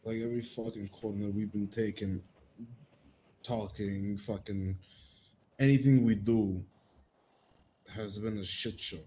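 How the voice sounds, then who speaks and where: A low-pitched man vents in character, frustrated and halting and cursing freely. His words stop and restart as he searches for them. A faint hum of noise sits behind him. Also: fairly even intonation, dark tone. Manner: frustrated, halting, heavy swearing. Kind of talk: in-character group argument.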